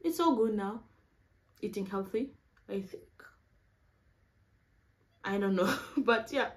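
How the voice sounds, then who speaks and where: Quick-talking young woman from Africa. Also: lowish voice, poor audio. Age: young adult. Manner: quick-talking, chatty, says "y'all". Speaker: university student vlogger. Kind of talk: casual chat to camera.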